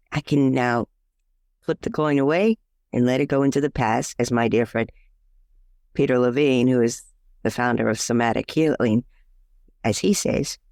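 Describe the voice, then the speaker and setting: Her voice rumbles low and creaky, recorded cleanly in a studio without echo. She's a life coach appearing as a podcast guest in casual interview talk, full of fillers and restarts, who livens up her stories by performing the quoted lines.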